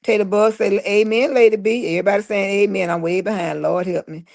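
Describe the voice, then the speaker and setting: A woman's voice: mid-range voice, steady tone, fast talker, vocal fry, darkish tone. A woman hosting a casual livestream, reading viewer comments aloud and answering them in a chatty, drawling way. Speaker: livestream host reading chat. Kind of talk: casual live chat.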